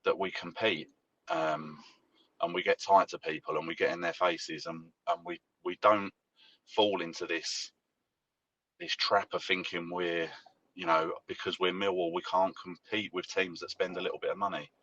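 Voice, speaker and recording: Deep-voiced man in a dull distant clip. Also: level tone, fairly bright tone. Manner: measured, hesitant, many fillers. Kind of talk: earnest interview answer.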